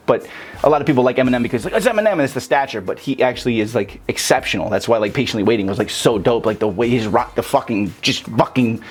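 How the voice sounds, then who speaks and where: A man's voice: medium pitch, husky. A young man giving a loose, casual rap lesson, cursing freely and breaking lyrics down vowel by vowel. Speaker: rap teacher. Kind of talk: casual tutorial talk.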